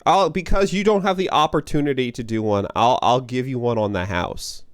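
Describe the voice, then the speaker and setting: A man's voice: mid-range voice, moderate pace. A man chatting casually with viewers while streaming a game, rambling and joking at his own expense. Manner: rambling, self-deprecating, chats with viewers. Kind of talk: casual gaming stream chat.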